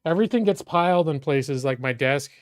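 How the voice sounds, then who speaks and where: A man's voice: fairly high pitch, animated, fairly quick. A man streaming from his bedroom, chatting casually and rambling as he shows the room. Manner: rambling, restarts sentences. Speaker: streamer giving a room tour. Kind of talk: casual chat. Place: bedroom at home.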